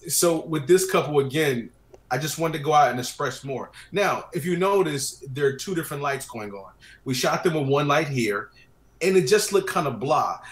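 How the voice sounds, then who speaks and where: A man's voice: mid-range voice, a bit bright. Chatty man with a roomy echo. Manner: chatty storyteller, acts out clients' lines. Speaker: wedding photographer guest. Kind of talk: casual talk about photo technique.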